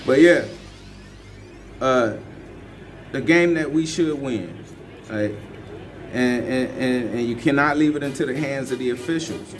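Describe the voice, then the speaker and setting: A man's voice: mid-range voice, unhurried, pauses often. A man, giving loose, rambling and emphatic fan commentary on his team. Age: 50s. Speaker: sports fan vlogger. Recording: faint music underneath.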